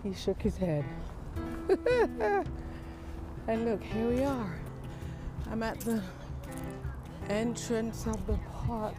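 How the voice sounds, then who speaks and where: A woman's voice: fairly high pitch, fairly even intonation, slow pace, pauses often, music in the background. An older woman hosting a casual comedy podcast, chatty and prayerful, often laughing as she talks. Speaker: podcast host.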